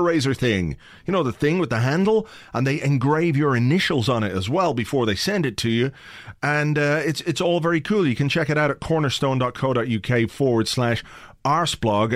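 Male podcast host, mid-pitched, rambling, swears freely, dry home-office sound. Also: no echo. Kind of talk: casual chat. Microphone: home office mic.

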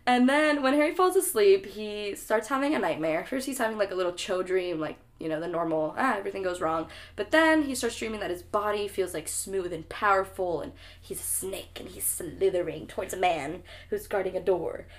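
A woman co-hosting a podcast, casually recapping a book with animated retellings, frequent laughter and casual swearing. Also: mid-range voice, brisk, few pauses. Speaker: podcast co-host. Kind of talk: casual chat, recapping a book with acted-out quotes.

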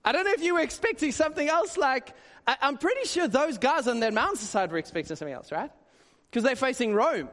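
A male pastor giving a conversational, animated sermon with quick asides. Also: very high voice. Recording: long hall reverb.

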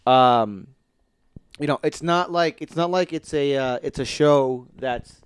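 A man's voice: mid-range voice, slow pace, clear, resonant tone, no room sound, clean studio sound. A man in casual podcast chat about TV shows, rambling with many fillers and restarts and swearing casually.

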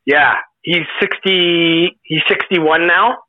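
A man's voice: fairly high pitch, steady tone, slow, narrow, tinny audio. A man with a Canadian accent, a podcast guest chatting casually with lots of hesitant fillers. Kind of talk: casual chat.

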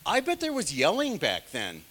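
A man's voice: sits high, huge pitch swings, moderate pace, a bit bright, long reverb tail. A man leading a casual Bible study, talking in a rambling, digressive and self-deprecating way, full of conversational asides. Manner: many fillers, conversational asides. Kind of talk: casual teaching sermon.

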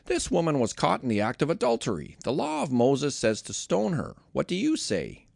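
A man voicing indignant religious leaders who fire off scornful questions, the pitch swinging widely. His voice has a gravelly grain on a dry, close recording. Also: wildly swooping pitch, moderate pace, a little mellow, dry recording, heavily acted.

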